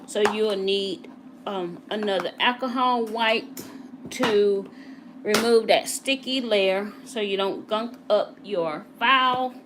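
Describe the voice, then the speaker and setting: A woman's voice: medium pitch, slow. Woman, nail technician, chatty live tutorial, faint room noise. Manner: chatty, talks to live viewers while working. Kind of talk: casual live tutorial chat.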